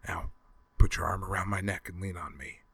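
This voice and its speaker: A tough, protective soldier, voiced by a man reading aloud, talking in a deep, low voice. He is firm and reassuring. The recording is dry and close, like an audiobook. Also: steady tone, a little fast, creaky, bright, forceful tone, husky, dry recording, heavily acted. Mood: hushed. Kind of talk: audiobook character voice.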